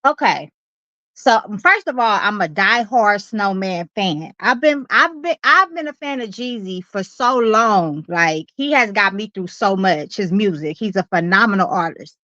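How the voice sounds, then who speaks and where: Animated woman caller giving her opinion. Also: medium pitch, unhurried, no room sound, dull audio. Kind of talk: call-in radio chat.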